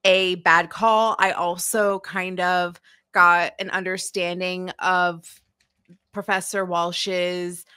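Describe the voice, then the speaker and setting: A woman's voice: fairly low pitch, level tone, slow pace, sharp tone, smooth, no room sound, studio quality. A woman co-hosting a podcast, talking casually about a TV episode in a rambling way, full of "um" and "like". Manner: rambling, with many fillers like "um" and "like". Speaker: podcast co-host. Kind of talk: casual chat recapping a TV episode.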